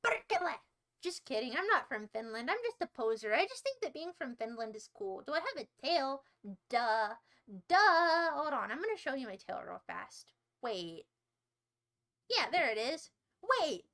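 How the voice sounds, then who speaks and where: Very high, bright-voiced woman streamer. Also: very animated, moderate pace. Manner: playful mock-indignant ranting; exaggerated silly tangents and banter. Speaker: livestream host. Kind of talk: casual livestream chat with viewers.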